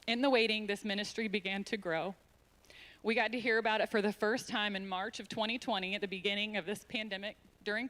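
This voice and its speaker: A woman's voice: medium pitch, fairly bright tone. A woman giving a heartfelt, emotional speech at a church event to introduce the founder of a ministry. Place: church sanctuary.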